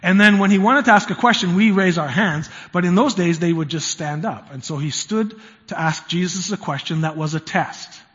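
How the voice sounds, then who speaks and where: Man preaching a sermon, fairly high voice, conversational with emphatic swells, long church reverb. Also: normal speed, fairly bright tone. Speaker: pastor. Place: church sanctuary. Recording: reverberant, muffled church hall sound.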